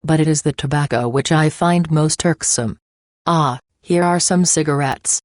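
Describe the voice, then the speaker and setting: A woman reading the part of a weakened but wry male detective, crisp in manner. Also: low-pitched, normal speed, darkish tone, dry recording, studio quality, natural voice.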